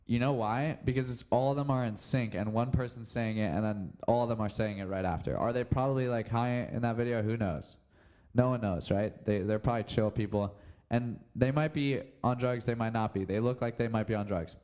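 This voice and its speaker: A man's voice: mid-range voice, fairly quick. A young man hosting his own podcast alone, chatting casually and rambling with lots of "um" and "like.". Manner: rambling, relaxed, heavy on fillers like "um" and "like". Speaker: podcast host. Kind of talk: casual solo podcast chat.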